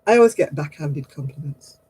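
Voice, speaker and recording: A woman's voice: low-pitched, expressive, brisk, dark tone, slightly rough, poor audio. A woman hosting a livestream craft night, who chats casually, tells stories and laughs at herself often. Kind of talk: casual chat.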